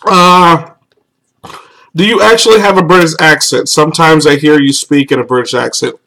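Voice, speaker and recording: A young man with an American accent chats through a live-stream Q&A in a loose, joking way. His voice sits a little high, and it often jumps much higher for exclamations, with laughter breaking in. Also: fairly even intonation, normal speed, vocal fry, sharp tone, rough recording. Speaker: YouTuber answering viewer questions on a live stream.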